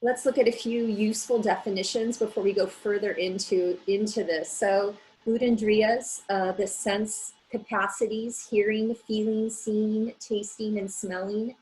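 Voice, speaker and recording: A woman walks through her graduate presentation in a measured, explanatory way. Her voice sits at an ordinary middle pitch, and she pauses on fillers between ideas. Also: fairly even intonation, darkish tone, low-quality recording. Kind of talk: academic presentation.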